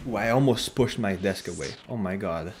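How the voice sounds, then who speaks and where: Animated joking male streamer, low voice. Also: a little fast, slight background noise. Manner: animated, joking, swears casually. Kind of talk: casual stream chat.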